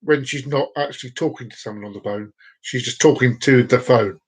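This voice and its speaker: A man's voice: mid-range voice, a little fast, breathy edge. A man hosting a casual live stream, rambling and telling groan-worthy jokes to viewers by name. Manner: chats directly to viewers by name.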